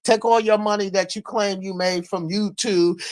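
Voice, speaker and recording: A streamer delivers an unscripted rant into a streaming mic, with a voice of middling pitch. The talk is heated and profane, circling back to the same insults again and again. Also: fairly even intonation, normal speed. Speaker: live-stream commentator. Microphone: streaming microphone.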